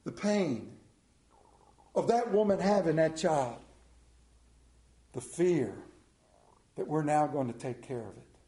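Middle-aged male preacher, folksy storyteller, high voice, echoey hall sound. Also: expressive, takes it slowly, long pauses, mellow. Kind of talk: sermon with storytelling.

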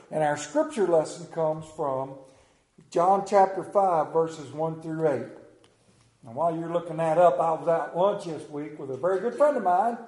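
A man's voice: sits high, a little mellow. A man pastor preaching a Sunday sermon, telling a story in a folksy way and reading scripture aloud. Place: church sanctuary. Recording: roomy church echo.

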